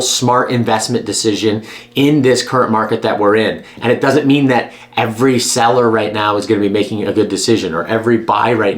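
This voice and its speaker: A man who works as a real estate agent, talking straight to camera in a blunt, emphatic, persuasive way. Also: medium pitch. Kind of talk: direct-to-camera advice vlog.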